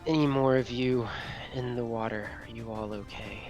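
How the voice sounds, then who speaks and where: A man voicing a tired, wounded dragon who speaks softly and quietly. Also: medium pitch, fairly even intonation, normal speed, soft background music, close to an everyday voice.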